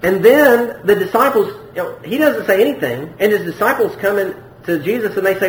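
A man preaching a sermon to his congregation in a conversational way, often repeating himself, climbing to emphatic peaks and dropping low. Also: animated, fairly quick, few pauses. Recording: echoey room with faint background noise.

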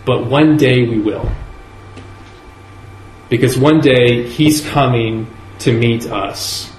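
Slow, deliberate male preacher in echoey church. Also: medium pitch, darkish tone, slight background noise. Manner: earnest, measured preaching with slow emphatic stresses. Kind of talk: sermon. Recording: echoey room with faint ambience.

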